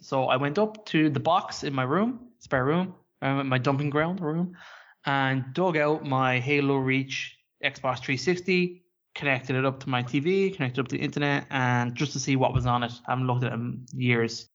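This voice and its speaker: Dull lo-fi podcast audio captures a male co-host with a mid-range, slightly bright voice. His chat is casual and rambling, sprinkled with swearing.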